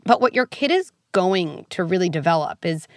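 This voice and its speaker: A woman speaking as a guest psychologist in a podcast interview, earnest and animated, peppering her points with "like" and "right?". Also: on the low side, dry recording, studio quality. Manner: animated, earnest, quick asides; frequent "like" and "right?" fillers.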